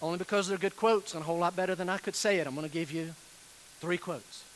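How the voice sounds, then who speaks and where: Earnest high-voiced male preacher. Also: fairly even intonation, slight background noise, low-quality recording. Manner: earnest, pleading, emphatic with slow stressed phrases. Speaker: pastor. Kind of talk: sermon.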